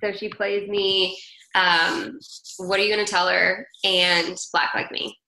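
A woman's voice: mid-range voice, flat delivery, takes it slowly, pushed and bright, roomy sound, rough recording. A woman guest chatting animatedly in an interview, telling stories with lots of "like". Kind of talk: casual conversational storytelling.

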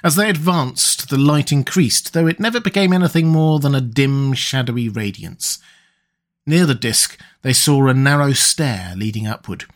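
A man giving an audiobook narration of a pulp adventure story, with a steady, even delivery. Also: medium pitch, normal speed.

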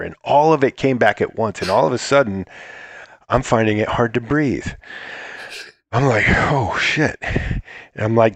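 A man's voice: on the low side, no echo. A man telling a rambling, profane story in a casual chat, acting out what others said. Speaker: guest.

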